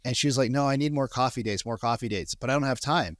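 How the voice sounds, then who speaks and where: A man hosts a podcast in an easy, casual way. His voice sits at a medium pitch and he jumps in eagerly. The recording is close and dry. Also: no echo. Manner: excitable, quick to laugh and interrupt. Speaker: podcast host. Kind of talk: casual chat.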